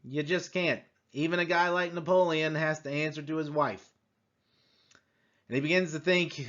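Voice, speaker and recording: A man teaching a conversational history lecture, animated and full of rhetorical asides. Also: on the high side, moderate pace, dull audio.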